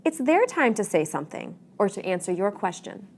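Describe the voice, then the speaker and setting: A woman, giving a scripted English pronunciation lesson with clear, deliberate emphasis. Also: mid-range voice, very animated. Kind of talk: scripted instructional narration.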